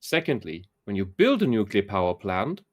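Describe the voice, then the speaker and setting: A man's voice: medium pitch, animated, normal speed. A man from Germany, a podcast guest who talks bluntly and opinionatedly and swears. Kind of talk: casual conversation.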